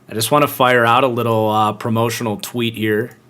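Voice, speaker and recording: A man's voice: medium pitch, level tone, fairly quick, fairly bright tone. A young man hosting a live football podcast, chatting casually and greeting viewers by name. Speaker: podcast host.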